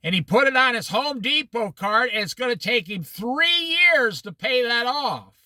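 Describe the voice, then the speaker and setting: A man teaching a casual Bible study, animated and folksy, laughing at his own stories. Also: very high voice, normal speed, no echo.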